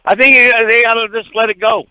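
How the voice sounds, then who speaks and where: A man calls in to a radio show and speaks haltingly, stumbling over fillers. His voice is bright and fairly high. It sounds dry and close. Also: steady tone, clean tone, no room sound, low-quality recording. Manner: halting, hesitant, many fillers. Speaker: radio caller. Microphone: phone.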